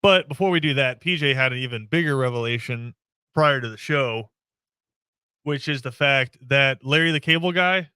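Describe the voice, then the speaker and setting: A man's voice: mid-range voice, moderate pace, bright, forceful tone, smooth, no echo. A man hosting a sports podcast in casual, joking banter with his co-host.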